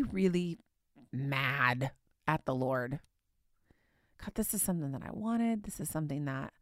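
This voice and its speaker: Lively, laughing woman telling a story. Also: on the low side, dry recording, studio quality. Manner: animated, laughs often, many "like" fillers. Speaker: podcast host. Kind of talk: casual storytelling.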